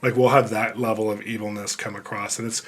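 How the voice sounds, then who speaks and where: A man telling a personal story as a podcast guest, in an animated way. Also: lowish voice, a little fast, noisy background. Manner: animated, acts out quoted voices. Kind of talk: storytelling in conversation.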